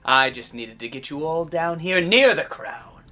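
A woman's voice: deep voice, lively intonation, measured pace, pushed and bright, full character voice. A woman playing a mocking, scheming villain who leads a gang of troublemakers in a teen series. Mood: taunting. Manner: taunting, mocking. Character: scheming villain leader of the Bunglers. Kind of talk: teen web series acting.

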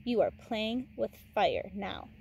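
A woman reading aloud as a smooth-talking, sly male game warden with breezy, overfamiliar patter that turns menacing. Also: a little high, expressive, normal speed, dark tone, slight background noise, poor audio.

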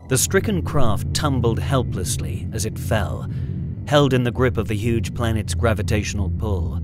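A man reading a space adventure story aloud in a smooth, measured storytelling manner. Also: medium pitch, over music. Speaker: narrator. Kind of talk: scripted audiobook narration.

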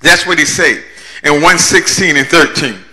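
A pastor preaching a sermon in rhythmic call-and-response style, returning again and again to repeated refrains. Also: male voice, fairly high pitch, expressive, moderate pace, sharp tone. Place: church sanctuary. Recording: echoey church sanctuary.

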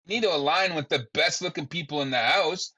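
Blunt, halting man with a bright voice. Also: fairly high pitch, slightly rough. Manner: blunt, halting, stumbles over words. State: under the weather with a flu. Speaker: panel guest. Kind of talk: casual panel chat.

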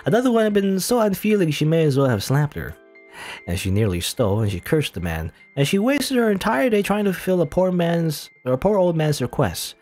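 Male gamer reading a story game aloud, animated and casual, soft music underneath. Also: on the high side, fairly quick. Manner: casual, chuckling asides. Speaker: let's play host. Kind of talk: reading a game's text aloud with asides.

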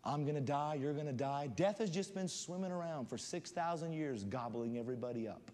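A man preaching a sermon as a guest speaker, building up to loud fervent shouting. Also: a little high, fairly quick. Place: church sanctuary. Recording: church hall reverb.

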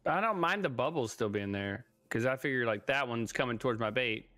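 Casual male gamer friend, bright tone, dry sound, easygoing. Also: medium pitch, expressive, a little fast, dry recording. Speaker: gaming friend. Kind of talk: casual game chat.

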